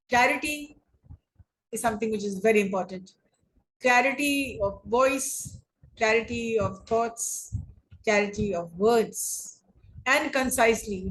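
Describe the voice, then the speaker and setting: Woman, English teacher, online lesson; unhurried, repetitive phrasing, slightly high voice. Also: a bit bright, low-quality recording. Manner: slow, deliberate, repeats and rephrases points. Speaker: English lecturer. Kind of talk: online class lecture on debating.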